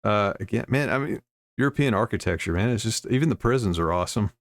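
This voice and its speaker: A man's voice: lowish voice, expressive, fast, dry recording. Wry, chuckling man. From United States. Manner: chuckles often, wry asides. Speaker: commentary video host. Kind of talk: casual reaction commentary, reading news aloud.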